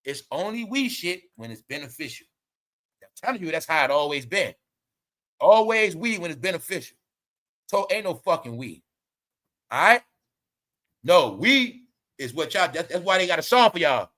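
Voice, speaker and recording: Bright high-voiced New man ranting. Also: sing-song, normal speed, pauses often. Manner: loud, swearing, mocking rants with slang. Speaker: online commentary host. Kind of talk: ranting commentary vlog.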